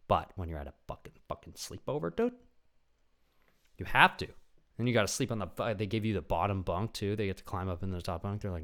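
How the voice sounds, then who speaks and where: Deep-voiced rambling young man podcaster. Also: a little fast. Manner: rambling, animated, swears a lot, acts out voices. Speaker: podcast host. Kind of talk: casual comedic monologue.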